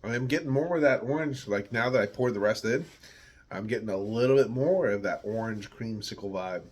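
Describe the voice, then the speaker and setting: A man's voice: fairly low pitch, fairly quick. A man from the United States giving a casual, rambling beer tasting review, searching for words and swearing now and then.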